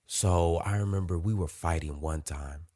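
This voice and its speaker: A man's voice: sits low, moderate pace, dark tone, no room sound. A man in his thirties, a podcast host, telling a frank, profane personal story with emotional openness.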